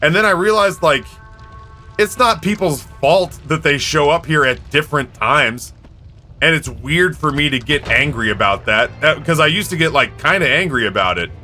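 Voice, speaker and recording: Bright-voiced man rambling on stream. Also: on the high side, lively intonation, normal speed, soft background music. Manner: rambling, self-mocking, acts out both sides of conversations. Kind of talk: casual livestream chat.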